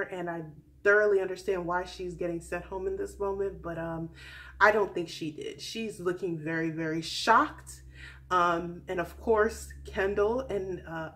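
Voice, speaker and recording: Sassy chatty woman vlogger. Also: medium pitch. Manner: chatty, sassy, animated with mock quotes. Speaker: vlogger recapping a reality show. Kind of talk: casual recap vlog.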